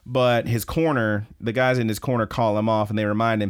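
A man's voice: fairly low pitch, little pitch movement, a little fast, few pauses, clean tone. A man co-hosting a podcast, casually retelling a story with lots of swearing and quoted lines. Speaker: podcast co-host. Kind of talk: casual recap chat.

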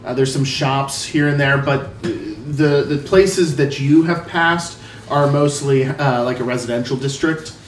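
A man's voice: medium pitch, unhurried, roomy sound, recorded from a distance. A man narrating a tabletop game as game master, rambling with many fillers. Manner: rambling, filler-heavy description.

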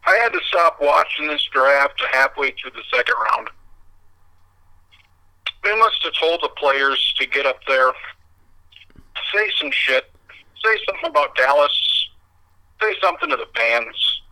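A man's voice: a little high, lively intonation, a little slow, pauses often, sharp tone. A man co-hosting a sports podcast, trading blunt, jokey trash talk. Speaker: podcast co-host. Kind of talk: casual sports chat. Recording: tinny phone line.

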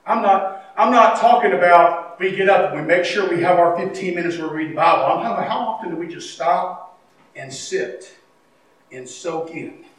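A middle-aged man preaching a sermon as pastor, telling stories, acting out dialogue and swinging between loud and hushed. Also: sits high, normal speed. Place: church sanctuary. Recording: echoey church hall, mic at a distance, faint noise.

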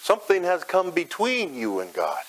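A man's voice: wildly swooping pitch, moderate pace, rough recording. Dramatic male preacher. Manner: dramatic, swells loud and high then drops soft and low. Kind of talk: sermon, guided imagery.

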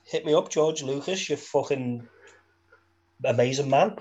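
A man's voice: medium pitch, measured pace, dull audio, crowd noise. Chatty man. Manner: chatty, self-mocking. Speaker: podcast co-host. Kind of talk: casual chat.

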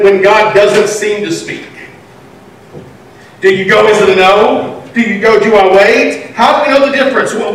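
A man preaching a sermon in a strikingly high voice, swinging from fervent shouts to hushed, near-whispered lines. He sounds set back from the mic, and heavy echo rings around him. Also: a little hiss or hum. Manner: impassioned, rising to shouts and dropping to near whispers. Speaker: pastor. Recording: echoey room, voice from some distance.

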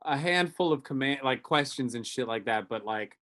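A man guesting on a podcast, telling animated stories and acting out quotes in casual chat. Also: mid-range voice, normal speed. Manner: animated storyteller, acts out quotes.

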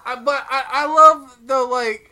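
A man's voice: very high voice, fairly even intonation, a little slow, pushed and bright. A man in casual podcast chat, rambling, laughing often and repeating words as he tells the story.

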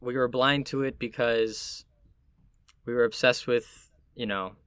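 Man from puerto rico, casual conversation, chatty, laughs easily, mid-pitched, dry close recording. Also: fairly even intonation, measured pace, fairly bright tone, clean tone, dry recording.

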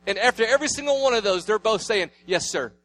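A man in his thirties preaching a sermon, telling family stories and swinging between loud declarations and hushed asides. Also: high-pitched, fast talker, a little hiss or hum. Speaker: pastor.

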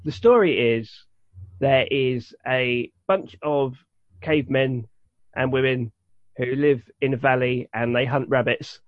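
A man co-hosts a podcast at a measured pace, his voice medium in pitch. The talk is casual and rambling, full of fillers and restarts. There is no room sound, and the recording is dull and lo-fi.

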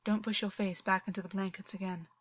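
A woman voicing a sly male waterhorse lover in a storybook reading, speaking low and hushed in a coaxing way. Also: flat delivery, quick pace, no echo, muffled recording, natural voice.

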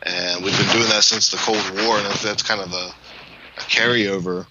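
A man's voice: lowish voice, fairly even intonation, moderate pace. A man in casual chat who halts and searches for his words, on a dull lo-fi line with faint hiss.

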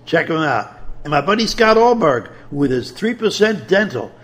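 A man hosting a talk radio show, reading news and ads with jokey banter and loud outbursts. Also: fairly high pitch, sing-song, moderate pace. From South Texas.

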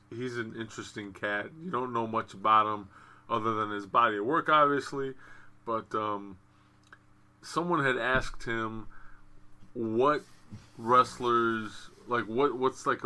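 A man co-hosting a podcast, telling stories in loose, profane casual chat with animated quoted asides. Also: fairly low pitch. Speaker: podcast co-host. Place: home studio with wrestling on TV behind. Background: faint TV ambience.

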